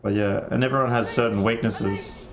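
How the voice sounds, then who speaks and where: A man's voice: fairly low pitch, fairly even intonation, moderate pace, faint music behind. A man giving casual, rambling commentary while streaming a game and answering viewer chat.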